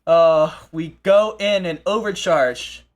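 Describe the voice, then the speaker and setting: A man hosting a live esports broadcast, commentating with excitable energy and frequent restarts. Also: fairly high pitch. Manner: excitable, fast restarts and repeated phrases. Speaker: esports play-by-play host.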